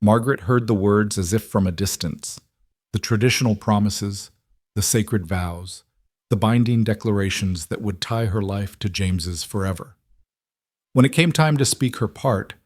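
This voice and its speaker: A man narrating a scripted western romance story in a measured, gentle way. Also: on the low side, dry recording, studio quality.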